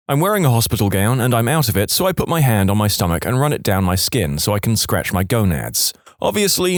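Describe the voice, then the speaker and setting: Lively man reading stories. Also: medium pitch, no echo, studio quality. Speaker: story narrator. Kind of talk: reading submitted stories aloud.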